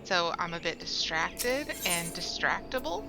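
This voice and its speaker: A woman streamer offers casual, rambling, chatty commentary while playing a game, often correcting herself mid-sentence. Her fairly low voice is very animated yet measured in pace, heard over music.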